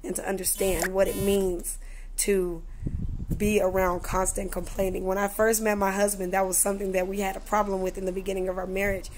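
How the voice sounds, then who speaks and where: A woman's voice: medium pitch, fairly quick, slight background noise. Woman, casual vlog, chatty storytelling, lots of fillers, acts out dialogue. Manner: animated, acts out dialogue in voices; chatty, with many "you know" and "like" fillers. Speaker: vlogger.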